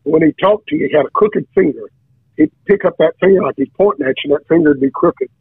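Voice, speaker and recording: A male preacher, appearing as a guest, tells his testimony in casual talk over a tinny phone line with no echo. His voice is high, gravelly and slightly rough, and he talks fast and very animatedly. His storytelling is full of restarts and stammered, repeated words.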